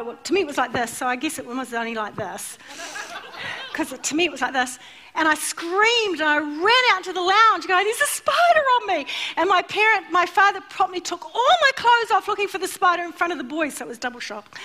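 Bright-voiced, animated woman preaching. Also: sits high. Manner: animated storytelling, acts out voices. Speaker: church speaker. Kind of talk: sermon. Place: church.

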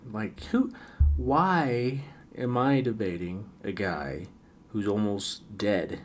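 A man's voice: lowish voice, slow. A man hosting a late-night solo podcast, rambling wryly with frequent stammered restarts. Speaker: podcast host.

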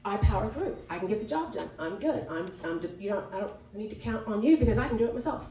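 This women's Bible study leader gives an informal devotional teaching in a church meeting room, frank and chatty, full of fillers and self-corrections. She talks fast with a mellow, medium-pitched voice and lively intonation. The recording is distant and echoey.

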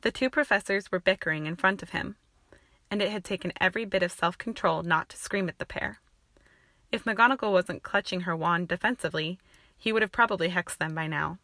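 A woman narrating a fan-fiction audiobook with an even, steady reading. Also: lowish voice, moderate pace, dry recording, clean studio sound.

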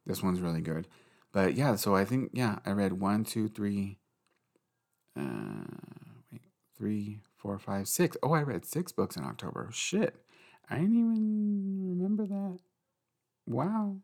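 Low-voiced man rambling about books. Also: very animated, a little slow, creaky. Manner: rambling, profane, giggly. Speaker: book vlogger. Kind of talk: casual late-night chat.

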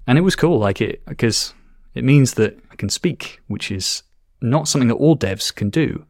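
A man's voice: mid-range voice, expressive, moderate pace, darkish tone, dry recording. A man with a posh British accent, a podcast guest chatting articulately with a dry sense of humor. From England. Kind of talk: casual interview chat.

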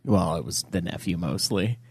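A man co-hosting a casual podcast chat, telling animated stories and swearing often. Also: sits low, moderate pace, creaky, breathy edge, dry recording, clean studio sound. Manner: animated storytelling with frequent swearing. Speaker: podcast co-host.

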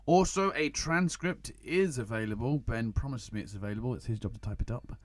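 A man's voice: mid-range voice, fairly quick, dry recording. A man from Kent hosting a podcast for English learners, theatrical and jokey, sometimes breaking into song. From England (Kent). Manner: theatrical, jokey, bursts into singing. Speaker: podcast host. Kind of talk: playful scripted podcast intro.

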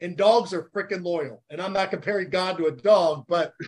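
Eager high-voiced American man. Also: normal speed. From United States. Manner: animated, earnest and heartfelt, talks about faith. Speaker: podcast guest, former Navy SEAL. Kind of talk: casual interview chat.

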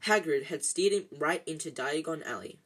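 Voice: medium pitch, expressive, normal speed, a bit bright, breathy edge, rough recording. A reader narrating a storybook in an amateur audiobook style, often stumbling and correcting themselves.

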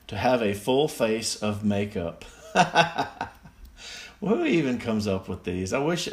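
A man reading out slang definitions and mocking them in a casual, sarcastic way, recorded on a phone. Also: on the low side. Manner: sarcastic, mocking, easily amused. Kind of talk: casual solo commentary.

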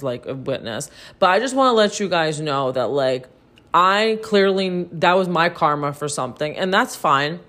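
A woman co-hosting a podcast, telling a story in casual, animated chat to her listeners, swearing freely and saying "like" a lot. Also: low voice. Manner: animated, profane, heavy use of "like". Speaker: podcast co-host.

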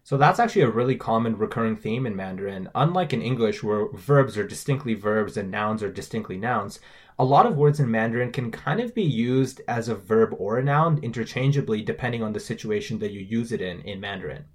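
A man's voice: fairly low pitch, expressive, fairly quick. A man co-hosting a scripted language-lesson podcast, carefully explaining pronunciation and tones. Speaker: podcast co-host.

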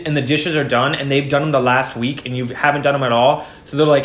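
A young man chatting casually on a podcast, telling stories in an animated, profane way and acting out angry outbursts. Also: mid-range voice, fast talker, few pauses. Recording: echoey room.

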